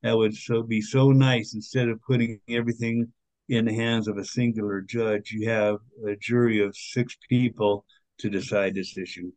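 A man's voice: on the low side, level tone, moderate pace, darkish tone, no room sound, low-quality recording. Earnest man talking with fillers, dry sound. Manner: earnest, indignant, lots of fillers. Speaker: podcast guest, author and activist. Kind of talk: conversational interview.

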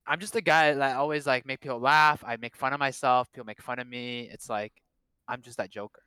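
A man's voice: mid-range voice, fairly even intonation, fairly quick, pushed and bright, clear, resonant tone, no room sound. A young man chatting casually about his past relationships, joking and rambling with many fillers and restarts. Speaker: guest.

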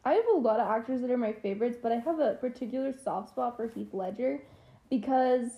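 A Kentucky woman in her twenties co-hosts a podcast, chatting candidly and laughing often. Her voice is slightly high and slightly quick, and the recording has its upper frequencies cut off.

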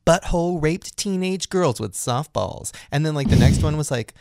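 A man's voice: on the high side, lively intonation, moderate pace, vocal fry, a little mellow, dry recording, clean studio sound. A man co-hosting a casual chat show, telling crude, gossipy stories and acting out the people in them. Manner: gossipy, crude, acts out voices in anecdotes. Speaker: podcast co-host.

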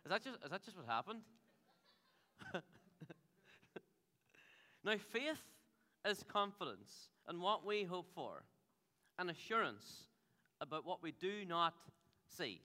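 A man's voice: high voice, sing-song, slow pace, long pauses, pushed and bright. A man, preaching a sermon in a joking, rambling storyteller way. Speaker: pastor. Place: theatre. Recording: theatre hall reverb.

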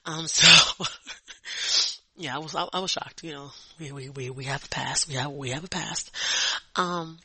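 A man's voice: on the high side, moderate pace, long pauses, sharp tone, husky, dry recording, rough recording. A young adult man hosting a podcast, telling a story in a blunt, profane way and often repeating words as he vents. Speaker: podcast host. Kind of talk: casual storytelling monologue.

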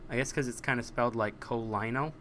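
A man's voice: medium pitch, quick pace, a bit bright, slight background noise. A man co-hosting a podcast in casual, rambling chat, joking as he restarts his sentences. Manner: rambling, jokey, restarts often. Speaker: podcast co-host.

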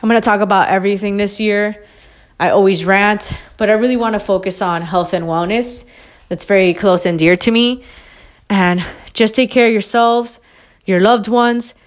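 Her medium-pitched voice has fairly even intonation and a normal speed. The podcast host delivers a solo motivational rant on wellness, blunt and emphatic, cursing freely, going back over her points and slightly out of breath.

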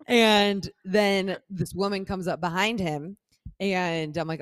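A woman hosting a podcast, telling a story in casual chat, animated and acting out the dialogue. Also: lowish voice, takes it slowly. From Los Angeles area resident. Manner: animated, acts out quoted dialogue, laughs through story. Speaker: podcast host.

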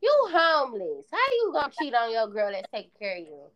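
A woman in casual chat with a friend, blunt and animated, acting out the lines she quotes. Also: fairly high pitch, brisk, highs cut off.

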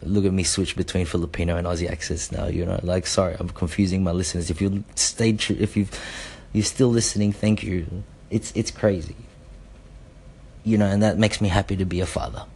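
A man who is a father chatting casually to his listeners, rambling with frequent fillers and quick asides. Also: low voice, steady tone, creaky, a little mellow, husky. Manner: rambling, laughing, many fillers. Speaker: podcast host and father. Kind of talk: casual chat.

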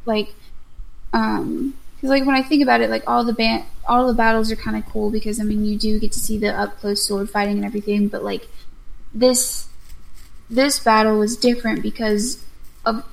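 A woman's voice: a little high, level tone, normal speed, vocal fry, rough recording. A young woman chatting casually, rambling with many "like"s and "um"s. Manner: rambling, full of likes and ums. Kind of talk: casual chat.

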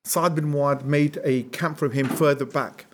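A man teaching an Islamic history lesson as an animated storyteller, acting out quotes and throwing rhetorical questions at his listeners. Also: fairly high pitch, unhurried, slight background noise. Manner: asks the audience rhetorical questions. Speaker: religious teacher.

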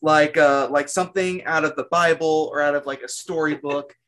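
Guy telling a story, kinda high voice, says like a lot, self-mocking and lively. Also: moderate pace. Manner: rambling, lots of "like" fillers. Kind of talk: casual storytelling.

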